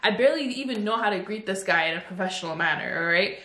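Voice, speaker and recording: A young woman in her twenties tells a story from her past in a chatty, animated vlog style, her pitch sitting in an ordinary middle range. She talks at home into a phone, and the room around her gives an echoey ring. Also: fast. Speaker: vlogger. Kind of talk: casual storytime.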